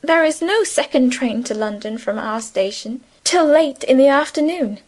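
A woman's voice: high-pitched, expressive, normal speed, darkish tone, voice pushed up. A woman reading the part of a timid, dramatic schoolgirl who gushes over small troubles, in a raised voice. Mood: gushing. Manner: dramatic, gushing. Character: timid, food-loving schoolgirl, young woman. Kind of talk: audiobook character reading.

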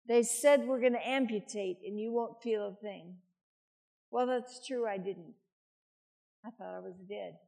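A woman's voice: medium pitch, unhurried, vocal fry, mellow. An older woman preaching a sermon, chatty, with self-deprecating asides.

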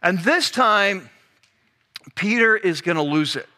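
Bright, high-voiced male preacher. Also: takes it slowly. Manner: animated, conversational, acts out scenes. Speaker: pastor. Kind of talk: sermon.

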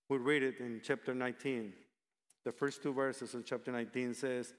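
A man preaching a sermon, speaking in a measured, emphatic way and reading passages aloud. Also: fairly high pitch, expressive, long reverb tail.

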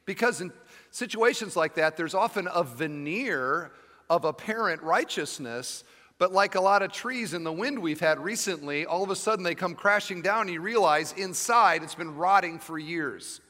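A man's voice: sits high, animated, normal speed, bright, forceful tone, big-room sound. A male pastor preaching a sermon, telling a story with emphatic, humorous asides to his congregation. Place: church sanctuary with live audience.

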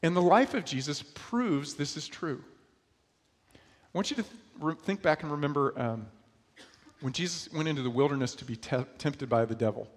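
A New York pastor with a slightly high voice preaches at a normal pace, with a long reverb tail. His sermon is conversational, and he often asks his listeners rhetorical questions.

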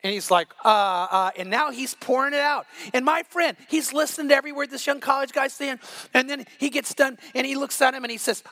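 A man's voice: very high voice, a little fast, pushed and bright. A middle-aged male pastor preaching a sermon, telling stories with quoted dialogue and frequent restarts.

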